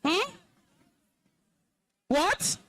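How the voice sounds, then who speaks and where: A woman's voice: very slow, fairly bright tone, poor audio. A woman with a Nigerian accent, an alumna and compere, giving a stern, emphatic address to a school's students. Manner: scolding, commanding, emphatic. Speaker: alumna guest speaker, compere. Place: school hall, live event.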